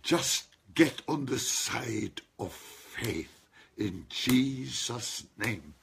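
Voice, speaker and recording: A man's voice: mid-range voice, lively intonation, extremely slow, gravelly, fairly bright tone, a little hiss or hum. A man preaching a sermon, stressing single words and calling on his listeners to respond. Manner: emphatic, calls on listeners to respond.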